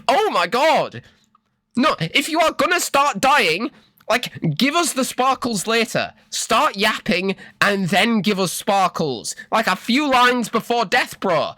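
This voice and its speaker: A streamer giving live gameplay commentary, ranting loudly and swearing at the game. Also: mid-range voice, very animated, unhurried, dry recording, studio quality. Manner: loud, swearing, exasperated ranting.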